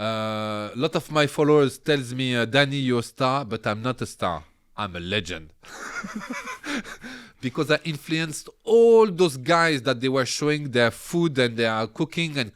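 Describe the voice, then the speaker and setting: Animated man telling stories. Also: medium pitch, a little slow, smooth. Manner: animated, laughs often, drops into character voices. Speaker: podcast guest. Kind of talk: casual storytelling.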